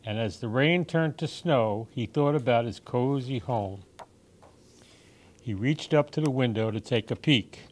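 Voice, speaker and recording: Slow, gentle storytime man. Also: medium pitch. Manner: slow, gentle, expressive read-aloud. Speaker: storytime reader. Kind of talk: children's storybook reading.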